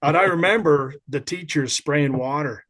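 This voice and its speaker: A man's voice: a little high, normal speed. A man in his fifties, a podcast guest, telling school-days stories in casual chat and laughing as he goes. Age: 50s. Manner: animated, laughing anecdotes.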